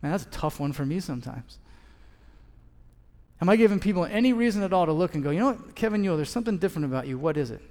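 A man's voice: a little high, lively intonation, fast, a little mellow. A man in his thirties preaching a sermon as a pastor, telling a story and acting out both sides of the conversation. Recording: long hall reverb.

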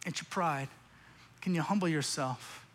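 Guy preaching in a church, high voice, long hall echo, earnest and pleading. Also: a little slow, fairly bright tone. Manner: earnest, pleading, repeats phrases. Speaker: pastor. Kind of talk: sermon.

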